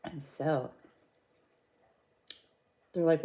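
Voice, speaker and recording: A woman vlogger retelling a story to her viewers in a chatty, gossipy way. Her voice is low and mellow, and she talks with relaxed warmth. She reacts freely as she tells it. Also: a little slow. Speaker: mukbang vlogger. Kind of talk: casual storytelling.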